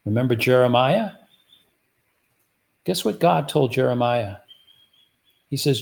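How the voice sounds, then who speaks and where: A man delivers a sermon in a gravelly, creaky voice of middling pitch. He keeps his listeners involved by posing rhetorical questions and then answering them himself. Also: lively intonation, takes it slowly, long pauses, a little mellow. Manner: rhetorical, repeatedly asks the audience "guess what". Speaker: preacher.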